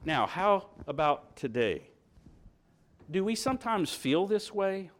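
A man's voice: high voice, sing-song, slow pace. A middle-aged man preaching a sermon, reading scripture aloud and asking his congregation questions.

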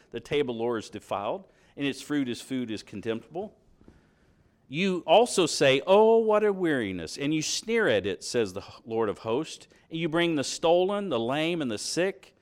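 A middle-aged man preaching a sermon, reading scripture aloud and asking his congregation questions. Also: medium pitch.

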